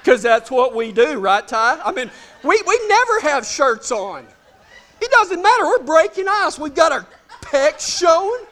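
A man's voice: very high-pitched, big pitch swings, a little slow, fairly bright tone. A middle-aged man preaching a sermon, telling folksy, joking stories with lots of animation. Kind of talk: storytelling sermon to a live congregation.

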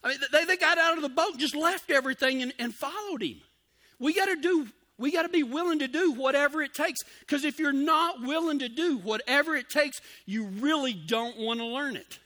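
A man's voice: very high voice, pushed and bright. A man preaching a sermon in a folksy, emphatic way, with cowboy slang and key phrases repeated for emphasis.

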